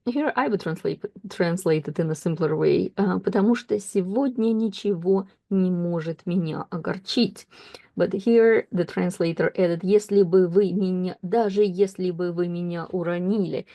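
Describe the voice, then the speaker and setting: Working through a book, a woman who teaches Russian and speaks it as her first language reads sections aloud, adding careful explanations. She has a low, mellow, gravelly-fried voice, and her delivery includes pauses and self-corrections.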